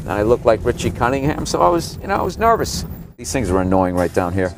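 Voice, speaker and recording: A man's voice: mid-range voice, very animated, quick pace. A man in his forties, a stand-up comedian, slightly sick, ranting sarcastically and profanely while riding in the back of a cab. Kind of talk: ranting tour commentary from a cab. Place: back seat of a cab in city traffic. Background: faint traffic noise.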